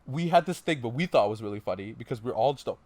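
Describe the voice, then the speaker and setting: A man's voice: mid-range voice, lively intonation, racing, darkish tone, no room sound. A young man from Canada co-hosting a podcast, rambling in casual chat with lots of fillers and laughs. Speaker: podcast co-host.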